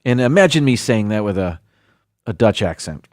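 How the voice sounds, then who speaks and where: Lively, chatty man reading a list. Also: fairly low pitch, normal speed, no echo, studio quality. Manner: chatty, self-deprecating, stumbles over foreign words. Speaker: livestream host. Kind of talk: casual livestream chat, reading a list aloud.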